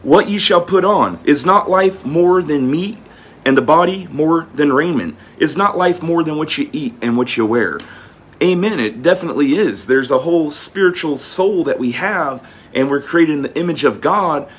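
Guy preaching off the cuff, husky and a bit high, stumbles and repeats words, folksy talk. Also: animated, normal speed, fairly bright tone. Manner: reads old-fashioned verses, then riffs in plain folksy talk. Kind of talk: informal scripture teaching.

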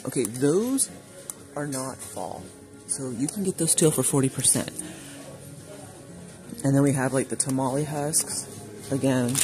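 A man with an everyday mid-range voice hosts a casual shop-with-me video inside a large craft store. He talks enthusiastically into a handheld phone and reads out the prices as he goes. Faint music drifts in from the store behind him. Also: mid-range voice. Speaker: shopping vlogger.

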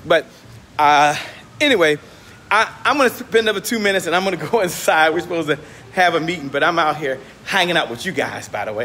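Walking outside near a hotel, a male host livestreams a casual vlog into a handheld phone, his voice on the high side, pushed and bright, and quick. He sounds upbeat and motivational though slightly out of breath, with a little background noise audible.

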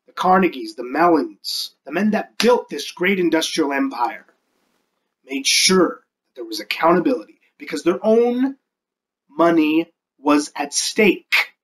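A performer playing a slick, ruthless male corporate raider who is addressing a shareholders' meeting as an amateur movie monologue. The delivery is a speech that swings between loud, high emphasis and low, whispered lines. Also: husky, low-quality recording.

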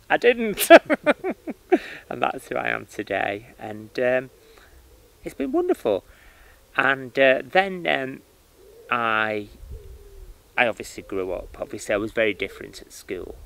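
A man who works as a spiritual medium, telling his life story in an interview with lively starts and restarts. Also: mid-range voice, measured pace, vocal fry, pauses often, low-quality recording. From United Kingdom. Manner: animated storytelling with many restarts and fillers.

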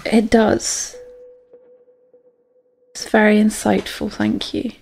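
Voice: medium pitch, flat delivery, takes it slowly, creaky. A player speaking in character at a tabletop game, playful and dry.

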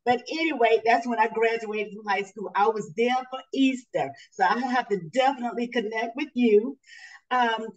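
Woman in her sixties, from Georgia, panel speaker, fairly high voice, distant dull sound. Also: moderate pace. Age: 60s. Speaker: panelist, author and transformation coach. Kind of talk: panel introduction.

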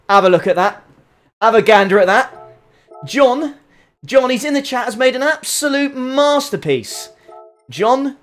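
On his sim racing livestream, a man talks casually to viewers, getting excitable and repeating his phrases. His voice runs on the high side.

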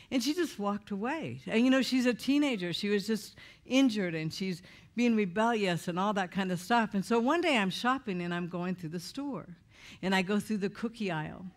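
A middle-aged woman from Idaho preaching through a personal story, acting out the voices and laughing often. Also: fairly high pitch. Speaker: speaker at a church meeting. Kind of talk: storytelling sermon.

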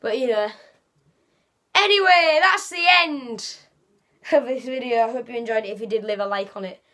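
A woman's voice: fairly high pitch, steady tone, racing, darkish tone. A woman giving a casual, rambling football match reaction as a fan vlogger, often correcting herself.

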